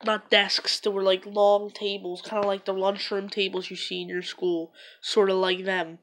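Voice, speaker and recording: A woman's voice: medium pitch, level tone, moderate pace. A woman vlogger retelling events in a loose, rambling, conversational way. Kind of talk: casual retelling to camera.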